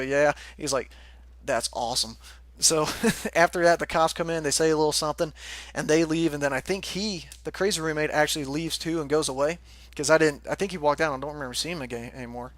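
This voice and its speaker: A man's voice: on the high side, fairly bright tone, dry recording. Laughing young man telling a story. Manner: laughs often, swears freely, rambling. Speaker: forum moderator telling a story. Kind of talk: casual storytelling commentary.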